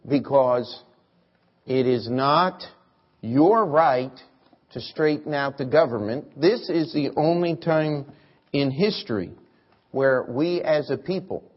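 A man preaching a sermon, emphatic and asking the congregation rhetorical questions. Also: a little high. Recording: muffled lo-fi sermon recording.

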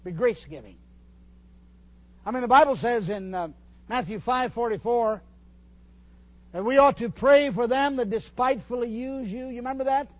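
An older man preaching a folksy sermon in a church, teasing his congregation and pausing to restart his sentences. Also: very high-pitched, no room sound. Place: church hall.

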